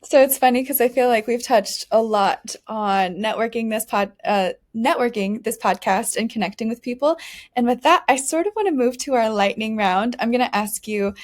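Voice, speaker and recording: A woman's voice: fairly high pitch, normal speed. A woman co-hosting a podcast, asking questions in a friendly, upbeat way and laughing now and then. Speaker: podcast co-host. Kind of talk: casual interview.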